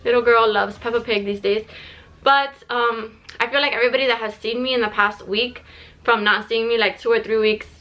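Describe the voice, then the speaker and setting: A woman's voice: a little high, a bit bright. A young woman chatting casually to camera about her pregnancy, a bit out of breath and full of "like" and restarts. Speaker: vlogger sharing a pregnancy update.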